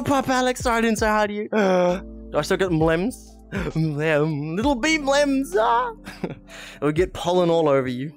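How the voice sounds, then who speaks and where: A streamer chatting casually during a VR game, giggling a lot and swearing often, speaking into a headset mic. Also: mid-range voice. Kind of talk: casual live-stream chat while playing a VR game.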